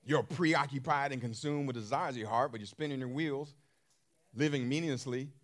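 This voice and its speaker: A man's voice: medium pitch, fairly quick. A man preaching a sermon in an emphatic style, repeating phrases and throwing questions to his listeners, with features. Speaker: pastor.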